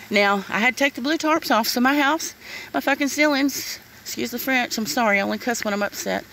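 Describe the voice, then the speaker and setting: A middle-aged woman rants to her viewers while standing outdoors in the rain. Her voice is bright and sharp, and she swears bluntly, calling people "honey" and "y'all." Faint outdoor noise runs underneath. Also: a little high, fairly quick, rough recording. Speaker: vlogger. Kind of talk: casual vlog rant.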